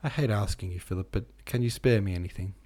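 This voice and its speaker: In this audiobook, a man with a low voice reads a poor, sickly young woman who answers sullenly and pleads through tears. The voice is lifted a little above his own deep reading tone. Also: fast talker, dark tone. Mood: sullen, tearful. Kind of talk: audiobook character voice.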